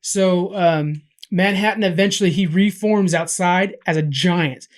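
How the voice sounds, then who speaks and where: Rambling, excitable man recapping a story. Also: sits high, unhurried. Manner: rambling recap with many fillers and restarts; excited, gushing. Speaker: podcast host recapping a comic. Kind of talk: casual chat.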